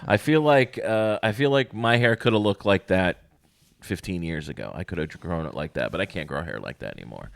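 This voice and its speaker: Podcast host, low-pitched man, dry close mic, loose rambling chatter. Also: brisk, vocal fry, no echo. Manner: rambling, animated storytelling with voices. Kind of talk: casual chat.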